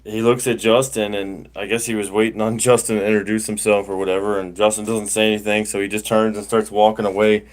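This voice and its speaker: A man's voice: on the low side, level tone, fast talker, few pauses. A middle-aged man, hosting a casual livestream and telling a rambling story full of fillers and restarts. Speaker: livestream host.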